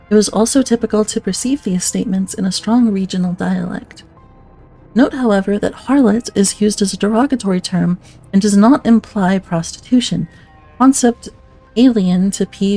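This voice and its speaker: A woman streamer reads documents aloud in a relaxed way, stopping now and then for joking, swearing asides. Her voice is mellow and slightly gravelly, with faint music playing underneath. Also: mid-range voice. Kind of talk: casual reading aloud with asides.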